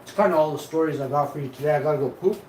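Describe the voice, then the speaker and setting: A man casually telling stories on a live stream, rambling and swearing, and getting loud when he is excited. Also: on the high side, racing. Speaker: vlogger. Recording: echoey room, faint ambient noise.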